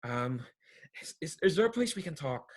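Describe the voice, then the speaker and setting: A man's voice: a little high, very animated, normal speed, breathy edge, voice pushed up. A man voicing a nervous young male forest creature with antlers, who stammers and frets. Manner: stammering, jittery, fretful.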